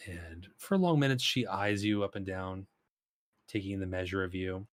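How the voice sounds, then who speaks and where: A man's voice: low-pitched, moderate pace, no room sound. A man running a tabletop game as game master, narrating loosely with many fillers. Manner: rambling, lots of fillers.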